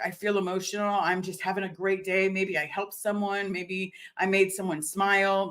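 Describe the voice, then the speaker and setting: A young woman chats through a home livestream and answers her viewers' comments as they come in. She speaks candidly and informally, restarting sentences and filling pauses as she goes, and now and then she swears. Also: medium pitch, a bit bright. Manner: candid and chatty, swearing, many fillers and restarts. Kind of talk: casual livestream chat.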